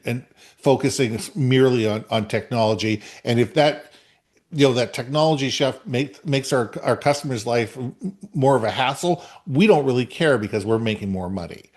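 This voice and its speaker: A man's voice: mid-range voice, darkish tone. A man co-hosting a business podcast in casual conversation, speaking earnestly and often repeating words as he thinks. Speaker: podcast co-host.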